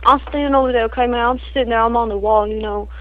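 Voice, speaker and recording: A woman's voice: on the high side, fairly even intonation, rapid-fire, narrow, tinny audio, lightly acted. A woman voicing a crude, boastful street guy in an improvised comedy spoof, who rambles in slang and tacks "man" and "fool" onto every phrase.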